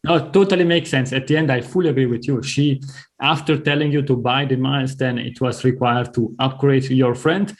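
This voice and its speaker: A man hosting an interview podcast, speaking in a polite, measured way. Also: medium pitch, fairly even intonation. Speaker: podcast host. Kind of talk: interview wrap-up.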